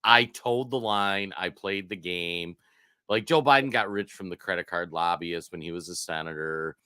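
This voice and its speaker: A man's voice: low-pitched, moderate pace, bright, forceful tone, clean tone, no echo, voice pushed down. A man doing a comic impression of an aggrieved elderly male politician, rambling through a resentful first-person monologue.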